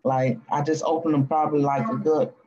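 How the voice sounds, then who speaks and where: A woman with a Cajun accent hosting a casual live stream, rambling in a folksy way with drawn-out fillers. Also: low-pitched, flat delivery, a little mellow, lo-fi sound, slight background noise. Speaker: live-stream host reading cards.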